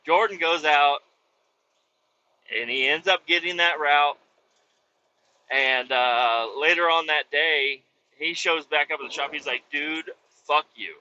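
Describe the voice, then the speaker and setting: A man telling a casual story on his podcast, animated and swearing, acting out the voices of the people in it. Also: a little high, slow pace, long pauses, dry recording, highs cut off. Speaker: podcast host.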